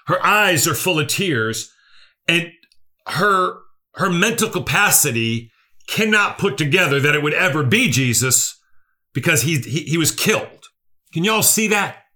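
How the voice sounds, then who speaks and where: A man's voice: on the high side, pushed and bright. A male preacher, delivering an earnest sermon that repeats key phrases and asks the listeners questions.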